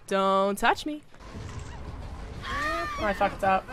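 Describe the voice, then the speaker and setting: A woman streaming a game live, commenting in an excitable, profane way and shouting at the game. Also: a little high, unhurried, background noise.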